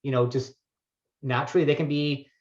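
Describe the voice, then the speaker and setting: A man's voice: mid-range voice, steady tone, a little fast, a little mellow. A man working as a wellness coach, talking thoughtfully in an interview and searching for his words as he goes. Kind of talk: conversational interview. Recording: muffled lo-fi audio.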